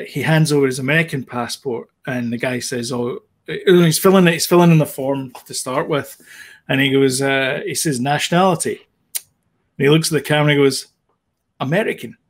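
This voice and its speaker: A man's voice: medium pitch, fairly even intonation, normal speed. Rambling man chatting casually. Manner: rambling, hesitant, lots of fillers and restarts. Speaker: podcast co-host. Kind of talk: casual chat.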